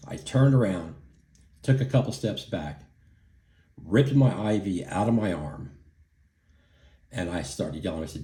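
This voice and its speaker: This is a casual vlog in which a middle-aged man rambles indignantly through a story, swearing and using lots of fillers. The room is echoey, and his mellow voice sits low and moves at a normal speed.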